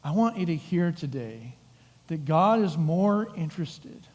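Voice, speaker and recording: At a measured pace, a middle-aged man with a voice on the high side preaches a sermon as pastor. The church sanctuary gives long hall reverb, and he tells the story vividly, acting out the different voices.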